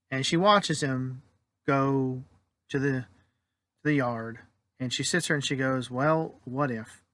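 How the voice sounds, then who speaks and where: A man's voice: medium pitch, sharp tone. Man telling an ad-libbed parable casually. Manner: casual, rambling with many restarts; briefly voices the story's people in quoted lines. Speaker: storyteller.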